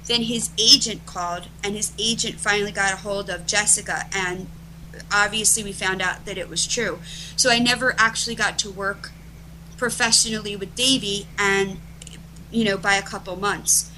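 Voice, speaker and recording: A middle-aged woman, a guest being interviewed, telling stories emphatically and restarting her phrases as she rushes ahead. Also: medium pitch, steady tone, pushed and bright, slight background noise, poor audio. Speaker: interview guest, event organizer. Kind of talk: animated storytelling in conversation.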